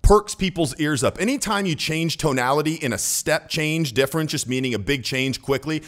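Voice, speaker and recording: A man's voice: on the high side, normal speed, a bit bright. A man hosting a video channel, casually breaking down a clip in an analytical way and laughing now and then. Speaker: social skills coach and channel host.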